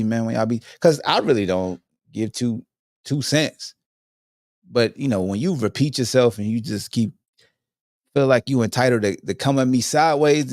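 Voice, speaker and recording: A man talks straight into a podcast mic with a loose, slangy delivery. He hits his points hard and often teases his audience. His voice sits at an ordinary male pitch, and the sound is dry and close with almost no room echo. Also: normal speed, darkish tone. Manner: slangy, emphatic, mocking asides to listeners. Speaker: podcast host. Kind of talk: casual solo podcast commentary.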